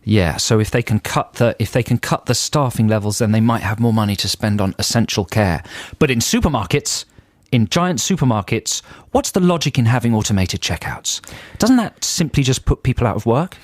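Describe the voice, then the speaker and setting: A man's voice: mid-range voice, lively intonation, brisk, no echo, studio quality. A man co-hosting a radio show, making wry, opinionated points in a mock-indignant way. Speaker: radio co-host. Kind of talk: casual radio chat. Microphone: studio microphone.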